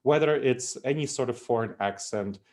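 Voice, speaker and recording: This Moldovan trainer, middle-aged and Russian-accented, presents business training at a moderate pace, his average-pitched voice darkish in tone. He hammers points home through emphatic repetition, circling back to the same key phrases over and over.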